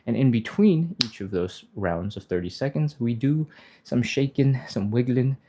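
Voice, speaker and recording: A man hosting a live stretching class, explaining each step casually, answering chat and laughing often, sometimes yelping in a high panicky voice to act out fear. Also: warm tone. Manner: acts out panicky inner voices in a high yelp. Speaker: stretching instructor, live stream host. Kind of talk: live-streamed workout instruction, reading chat.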